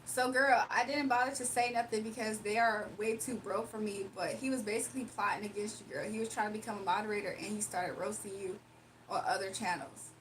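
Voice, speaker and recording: A woman's voice: mid-range voice, fairly even intonation, brisk, a bit bright, a little hiss or hum. A young woman livestreamer chatting casually and reading her chat aloud, sarcastic and playful, laughing often.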